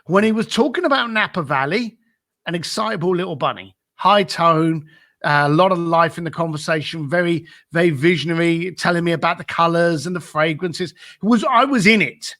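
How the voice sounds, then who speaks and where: Speaking at normal speed, a high-voiced podcast guest recounts a story in a bright, forceful tone. He acts out each side of a phone call and keeps using fillers and repeating "I said."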